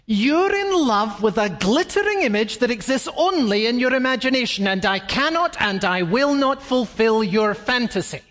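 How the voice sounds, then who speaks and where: A man putting on the voice of an indignant young woman who refuses to be changed. The delivery is raised and emphatic, pitched high, and carries a long hall reverb. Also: expressive, normal speed, few pauses, a bit bright.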